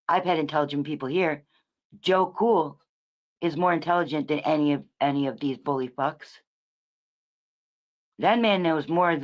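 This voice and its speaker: Hosting a livestream, a deep-voiced woman rambles and swears through casual ranting commentary, frequently restarting phrases and self-correcting. Her delivery alternates between emphatic statements and muttered asides, and the sound is lo-fi.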